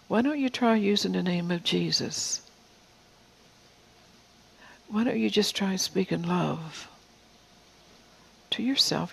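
Husky raspy older preacher, earnest sermon, stumbles and repeats words, goes quiet n whispery sometimes. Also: mid-range voice, rough recording. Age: 50s or older. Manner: earnest preaching that drops to soft whispers for emphasis. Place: church.

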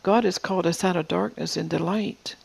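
A preacher in their fifties or older giving an earnest sermon in a church, often dropping to a soft whisper for emphasis and repeating words. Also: medium pitch, fairly even intonation, fairly quick, gravelly, slightly rough, low-quality recording. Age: 50s or older.

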